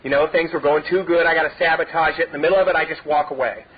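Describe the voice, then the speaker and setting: High-voiced man rambling through his story. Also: steady tone, racing, breathy edge. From Southern California. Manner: rambling storyteller, many "you know" fillers, laughs through his own stories. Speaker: recovery meeting speaker. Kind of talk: personal testimony talk. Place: meeting hall. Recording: dull lo-fi tape recording.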